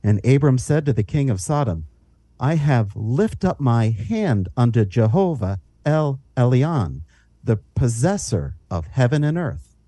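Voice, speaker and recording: A man's voice: mid-range voice, unhurried, dry recording. A man reading Bible passages aloud and explaining them in a teaching podcast. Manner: reads scripture aloud with lively rises and falls.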